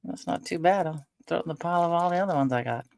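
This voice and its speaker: A woman's voice: lowish voice, racing, creaky, darkish tone, no echo. An older woman chatting casually on her vlog at home, rambling with lots of fillers. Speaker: vlogger. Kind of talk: casual chat.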